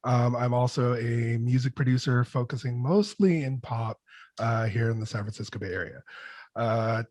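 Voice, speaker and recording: A man's voice: medium pitch, no room sound. A man, a music producer, telling stories on an online panel with lots of restarts and fillers, speaking over a video call from his home studio. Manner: rambling, animated storytelling with many restarts. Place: home studio with colorful backdrop.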